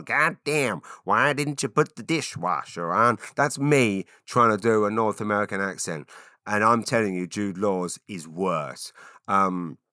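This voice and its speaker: Low-voiced, bright-toned man rambling. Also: clear, resonant tone, no echo, clean studio sound. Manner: chatty, rambling, many ums and restarts. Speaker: podcast host. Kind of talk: solo rambling monologue.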